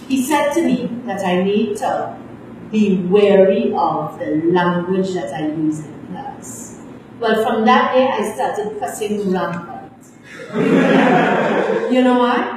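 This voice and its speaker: A middle-aged woman teacher with a Trinidadian accent lecturing her class in a stern, scolding way, ending her points with tag questions. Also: on the high side. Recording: echoey room, distant, faint hiss.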